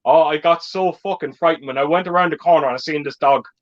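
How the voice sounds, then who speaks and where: A man's voice: a little high, quick pace, muffled recording, noisy background. A man hosting a casual group chat, telling stories with lots of swearing and laughter. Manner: swearing storyteller, laughs often. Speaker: host.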